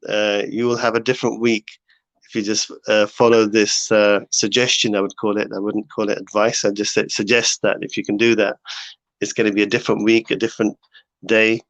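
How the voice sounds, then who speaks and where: A man's voice: fairly low pitch, little pitch movement, brisk, a bit bright, no room sound. A man hosting a casual live talk to his viewers, rambling with many fillers and restarts. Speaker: host. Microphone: home setup. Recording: dull lo-fi sound.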